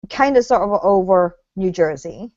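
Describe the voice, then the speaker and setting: A woman's voice: medium pitch, expressive, moderate pace, darkish tone, no echo, lo-fi sound. A woman co-hosting a casual chat about reality TV, blunt and opinionated, swearing freely. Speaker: co-host.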